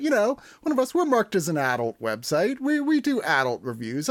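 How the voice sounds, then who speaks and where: A man hosting a casual movie review podcast, rambling and animated, swearing freely. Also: fairly high pitch, no echo, clean studio sound. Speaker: podcast host.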